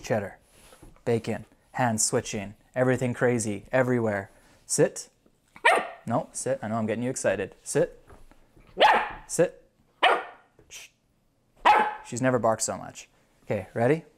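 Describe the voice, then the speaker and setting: Here a cheerful video host walks viewers through her puppy's treat test in a laid-back vlog, her mid-range voice sounding ordinary. She switches between quick commands to the dog and a steady stream of chatter. The sound is a little mellow, with slight background noise.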